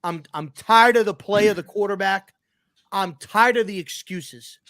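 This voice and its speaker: High-pitched man ranting slowly about football. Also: fairly bright tone, dry recording. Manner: emphatic, repeats lines, profane. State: angry and frustrated. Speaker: sports show host. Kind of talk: heated sports rant.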